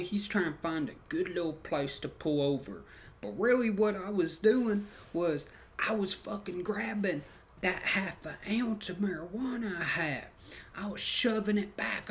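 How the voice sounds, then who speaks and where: A man's voice: fairly high pitch, fairly bright tone. A young man telling a story casually in a rambling, profane way, with slangy dialect grammar and constant "you know" fillers. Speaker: vlogger.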